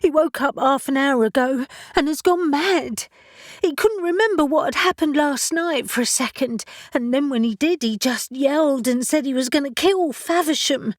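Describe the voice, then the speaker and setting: A woman narrator voicing a desperate young woman near tears, pleading in a high, breathless voice. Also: normal speed, dry recording, clean studio sound, close to an everyday voice. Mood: frantic.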